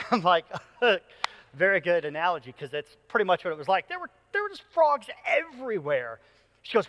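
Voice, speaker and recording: A man in his thirties preaching a sermon as a pastor, an animated storyteller who jokes with the congregation. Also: sits high, fairly quick, in a large hall. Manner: animated storyteller, playful and joking. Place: church auditorium.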